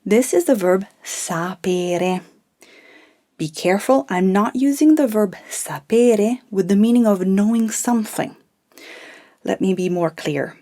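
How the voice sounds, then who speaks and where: Slow, mellow-voiced woman language teacher. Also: medium pitch, animated. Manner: slow, clear explanations with modelled example phrases. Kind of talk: scripted lesson narration.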